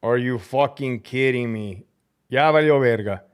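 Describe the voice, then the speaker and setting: A man ranting on his live stream, cursing hard and swinging between loud outbursts and low muttering. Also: unhurried, clean tone. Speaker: livestreamer and prison officer. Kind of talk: profane live-stream rant.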